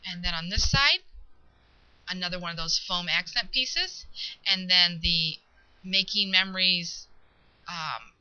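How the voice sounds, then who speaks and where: Bright-voiced woman in a casual craft walkthrough. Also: lowish voice, clear, resonant tone. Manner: chatty and relaxed, pausing mid-sentence to find words. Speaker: craft video maker. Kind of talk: casual show-and-tell walkthrough. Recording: dull lo-fi home video audio.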